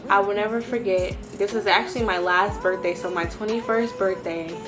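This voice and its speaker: A woman in her early twenties giving an animated personal testimony and talking straight to her viewers. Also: mid-range voice, moderate pace, over music. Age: early 20s. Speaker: vlogger sharing a faith testimony.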